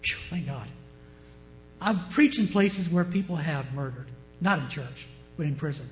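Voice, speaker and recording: A male pastor preaching a sermon with passion, swinging from loud declarations to hushed words. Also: fairly high pitch, expressive, a little slow, faint music behind, low-quality recording.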